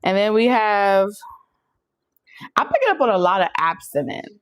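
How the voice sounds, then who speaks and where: A woman's voice: mid-range voice, sing-song, normal speed. A young woman giving a casual channeled tarot reading, chatty and emphatic, often checking in with "okay?". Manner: chatty, emphatic, addresses listeners directly with frequent "okay?". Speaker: tarot reader.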